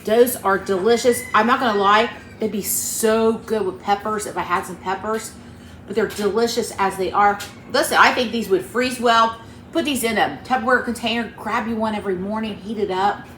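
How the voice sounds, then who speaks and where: A homey, upbeat woman with an Appalachian accent chats her way through a recipe as if talking to friends. Her voice carries around a roomy kitchen with a faint hum behind it, at a middle pitch. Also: normal speed, a bit bright. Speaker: cooking channel host. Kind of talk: casual cooking vlog. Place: home kitchen.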